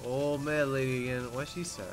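A man's voice: mid-range voice, level tone, fairly quick, soft background music. A man co-hosting a game playthrough, cracking sarcastic jokes and swearing casually. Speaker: co-host watching a game. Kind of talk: casual gaming commentary.

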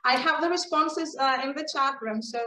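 A woman's voice: high voice, moderate pace, bright, forceful tone, roomy sound. A woman with Greek as her first language, co-teaching an online language lesson with short, supportive replies.

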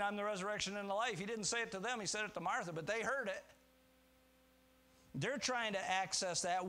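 A man preaching a sermon as pastor, earnest, moving between quiet low reflection and raised emphatic points, with rhetorical questions and restarts.

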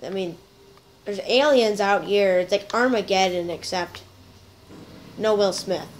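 A woman's voice: mid-range voice, measured pace, poor audio. Chatty woman commenting on her game. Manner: chatty, playful, talks to viewers while playing. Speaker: gameplay video host. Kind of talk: casual gameplay commentary.

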